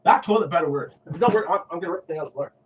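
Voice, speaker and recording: A drunk man ranting loudly and cursing a lot, his voice swinging between yelling and muttering. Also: a little high, very fast. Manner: loud, profane, drunken yelling. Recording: distant mic, hissy stream audio.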